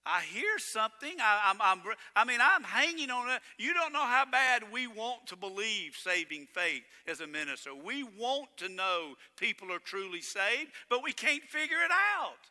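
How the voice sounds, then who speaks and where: A man preaching a sermon as pastor, swinging between loud emphatic lines and hushed ones. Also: high voice, big pitch swings, moderate pace, few pauses, in a large hall.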